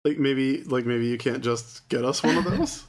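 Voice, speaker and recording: A man's voice: mid-range voice, a little hiss or hum. A man co-hosting a podcast, chatting loosely about a cartoon episode and acting out its lines for laughs. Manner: joking, rambling, quick to act out lines. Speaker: podcast co-host. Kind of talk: casual chat recapping a cartoon episode.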